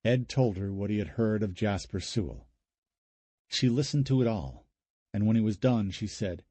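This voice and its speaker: Low, dark, husky male narrator. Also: dry recording. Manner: measured, even storytelling. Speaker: audiobook narrator. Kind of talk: scripted narration.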